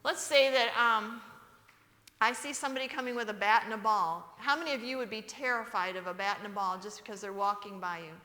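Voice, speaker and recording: Bright-voiced woman preaching in a church. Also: mid-range voice, a little fast. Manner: asks the audience questions. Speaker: church speaker. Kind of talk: sermon. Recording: echoey church hall.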